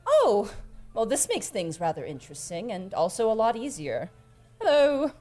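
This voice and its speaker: A woman voicing an elegant, composed woman with refined, measured speech in a tabletop game. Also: on the high side, wildly swooping pitch, mellow. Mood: poised. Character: elegant poised woman, dryly amused.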